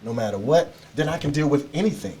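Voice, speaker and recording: A man's voice: on the high side, lively intonation, quick pace, noisy background. A middle-aged man in a casual podcast chat, telling stories and repeating words as he starts sentences. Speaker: podcast guest.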